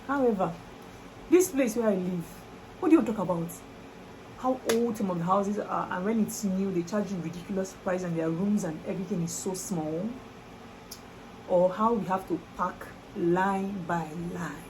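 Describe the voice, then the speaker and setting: A woman's voice: mid-range voice, slight background noise, low-quality recording. Chatty Nigerian woman vlogger. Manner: lively, exclamatory, laughing. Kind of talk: casual chat to camera.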